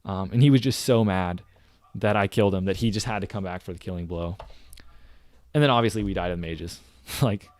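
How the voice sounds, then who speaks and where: A man casually commenting on his own game footage for viewers, chatty and excitable, often talking straight to the audience. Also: low voice, a little fast. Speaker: gaming streamer reviewing his own clips.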